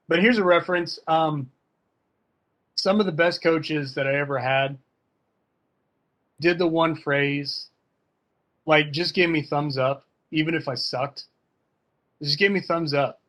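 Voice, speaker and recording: A man's voice: fairly high pitch, measured pace, pauses often, a bit bright. A man talking casually and emphatically as a fencing coach in an online workshop, full of slang. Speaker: fencing coach and guest speaker.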